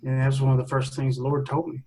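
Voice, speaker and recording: A man in a Bible study group sharing a personal testimony in a halting, conversational way. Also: medium pitch, completely flat delivery, a little mellow, poor audio.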